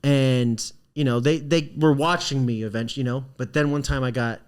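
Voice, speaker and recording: A man's voice: mid-range voice, brisk, clear, resonant tone. A man in his thirties, a stand-up comedian guesting on a podcast, telling a story casually with laughs and plenty of swearing. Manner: animated, laughing, swears freely.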